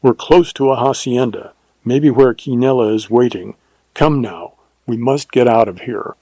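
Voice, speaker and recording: Male reader doing a steady, urgent western ranger; dark, husky, dry close mic. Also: mid-range voice, a little slow, no echo, natural voice. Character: determined male Texas ranger in his prime.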